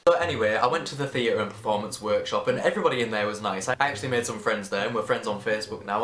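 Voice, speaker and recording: A young man from England telling a casual storytime story, chatty and animated, acting out the voices of the people in it. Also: lowish voice. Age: young adult. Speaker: vlogger. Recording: echoey room, faint music behind.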